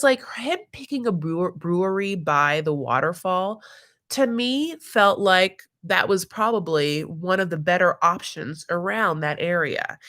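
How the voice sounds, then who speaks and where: A woman's voice: medium pitch, sharp tone. A woman hosting a reality TV recap live stream in casual commentary, chatty and giggly, leaning on fillers and calling people honey and my love.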